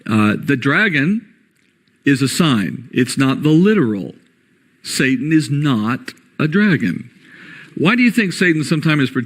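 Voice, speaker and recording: A man's voice: mid-range voice, a bit bright. A man giving a lecture-style Bible study, posing rhetorical questions and checking in with listeners. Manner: rhetorical questions, frequent "all right?" checks. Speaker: Bible teacher.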